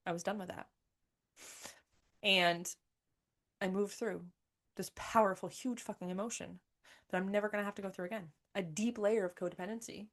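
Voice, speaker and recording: A woman's voice: medium pitch, steady tone, moderate pace, long pauses. A woman in her thirties talking candidly as a podcast host, emphatic and swearing freely, often repeating her phrases. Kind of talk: candid monologue.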